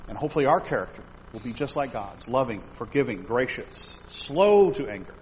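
A middle-aged man preaching a sermon, emphatic, swelling louder on key phrases and repeating words. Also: mid-range voice, big pitch swings, brisk, a little hiss or hum, poor audio.

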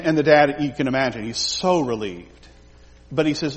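A man's voice: mid-range voice, moderate pace, long reverb tail. A man teaching a Bible study, talking the group through a passage and acting out the quoted lines in character.

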